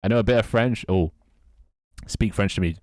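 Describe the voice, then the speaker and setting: A man's voice: on the low side, moderate pace, a little mellow, no room sound, studio quality. An English man streaming live, chatting casually with his viewers, laughing often, swearing and fumbling through playful mock French. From England. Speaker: live streamer reading chat.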